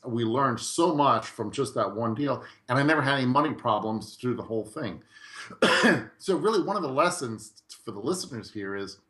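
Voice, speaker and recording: A middle-aged man, a guest in a podcast interview, telling his story in a lively way and acting out quoted dialogue. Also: mid-range voice. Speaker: guest real estate investor.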